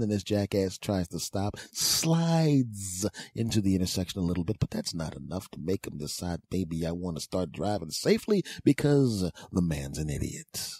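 A man's voice: sits low, darkish tone, breathy edge, dry recording. A middle-aged man hosting a podcast, telling a comic story in an exasperated, sarcastic rant and repeating phrases for emphasis. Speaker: podcast host.

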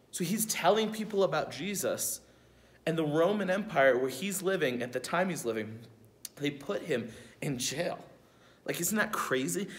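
A young man serving as a camp youth speaker gives kids a casual devotional lesson, relaxed and chatty, posing rhetorical questions and checking in with his listeners. His pitch is fairly high.

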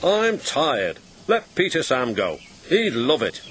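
A man's voice: mid-range voice, wildly swooping pitch, slow, background noise, pitched above the performer's own voice. A man voicing a proud, grumpy male steam engine in a children's story, haughty and complaining. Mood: sulky. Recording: voice over loud background music.

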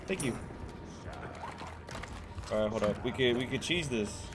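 A man's voice: mid-range voice, animated, measured pace, over loud music. Casual, profane man doing let's play commentary. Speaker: gamer. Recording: game audio behind the voice.

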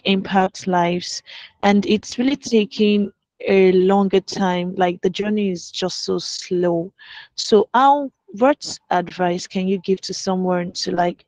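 A woman's voice: mid-range voice, a little mellow, no room sound. Hesitant woman asking a question. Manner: hesitant, many fillers like "like" and "um". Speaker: workshop attendee asking a question.

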